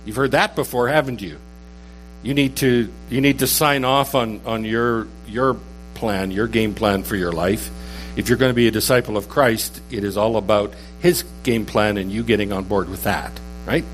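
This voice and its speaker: A man's voice: medium pitch, normal speed, low-quality recording. Man preaching a sermon, faint hum. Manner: conversational, reads scripture aloud with rising emphasis. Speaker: pastor.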